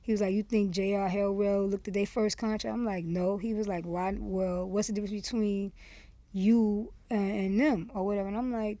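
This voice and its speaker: A woman from Miami tells a story in a loose, candid way as an interview guest. Her voice is warm and relaxed, and the room is dry and close. She slips into quoted back-and-forth as she talks. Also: mid-range voice, moderate pace, dry recording. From Miami, USA. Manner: candid and animated, acts out quoted dialogue, lots of "you see what I'm saying". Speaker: podcast guest, former rapper.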